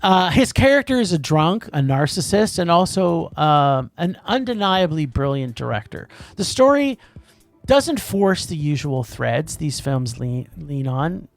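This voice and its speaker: A man co-hosting a podcast, chatting casually about films, animated and tripping over his words. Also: a little high, creaky. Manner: animated, quick, trips over words, restarts. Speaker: podcast co-host. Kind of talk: casual movie review chat.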